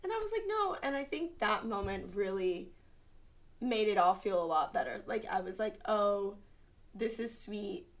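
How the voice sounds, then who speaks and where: A woman's voice: medium pitch, a little slow. A young woman chatting casually about her own life, laughing often and animatedly quoting people. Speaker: podcast guest telling her story. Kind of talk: casual conversation. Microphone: podcast microphone.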